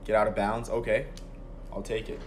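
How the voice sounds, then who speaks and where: A young man streaming a football video game live, calmly calling plays between excited outbursts. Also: fairly low pitch, moderate pace, slight background noise. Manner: excitable, swings between calm play-calling and loud outbursts. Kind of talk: live gameplay commentary.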